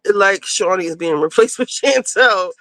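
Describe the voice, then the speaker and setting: A woman hosting a livestream, recapping reality TV in casual, blunt and profane chat, rushing through the story. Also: medium pitch, lively intonation, fairly bright tone, dry recording, rough recording. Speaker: livestream host.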